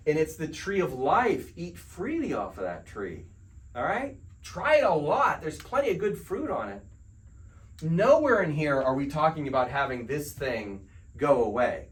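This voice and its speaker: A man's voice: a little high, recorded from a distance, low-quality recording. A male counselor giving a spiritual self-help lecture in a conversational way, often putting rhetorical questions to his audience.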